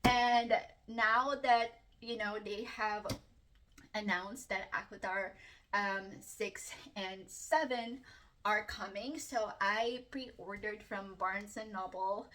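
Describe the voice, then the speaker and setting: A woman chatting casually through a book unboxing vlog, excitable and chatty with lots of fillers and little gasps. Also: on the high side, far from the mic, slight background noise. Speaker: book vlogger.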